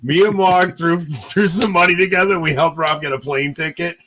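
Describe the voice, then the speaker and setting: A man's voice: fairly high pitch, normal speed, fairly bright tone, slight background noise. A man from New York hosting a casual podcast, telling rambling stories and laughing often. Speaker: podcast host.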